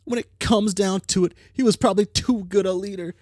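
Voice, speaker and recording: A blunt, sharp-tongued teenage troll girl from a webcomic, read aloud by a reader with a dry delivery. The sound is dry and close to the mic. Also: mid-range voice, steady tone, fairly quick, dry recording, voice pushed up, natural voice. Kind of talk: reading comic dialogue aloud.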